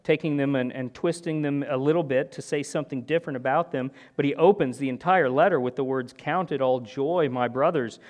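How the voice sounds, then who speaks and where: Male preacher, mid-pitched voice, earnest teaching sermon with conversational restarts. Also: fairly quick, few pauses, darkish tone. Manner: earnest, with rhetorical "right?" and frequent restarts. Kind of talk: expository sermon.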